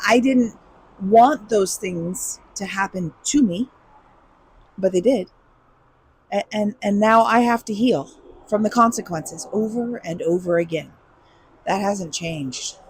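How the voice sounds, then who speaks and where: A woman's voice: medium pitch, slight background noise, low-quality recording. A woman talking candidly and emotionally in a personal vlog, reflective and earnest, sometimes swearing. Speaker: vlogger.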